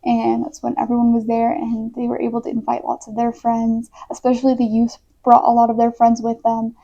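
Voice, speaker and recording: A chatty young American woman tells a story in a casual vlog, with a mellow, slightly high voice. Her voice has a gravelly fry and plenty of "like" fillers. The sound is dull and lo-fi. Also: monotone, fairly quick. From United States. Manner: chatty, many "like" fillers, laughs easily. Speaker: missionary. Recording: dull lo-fi recording.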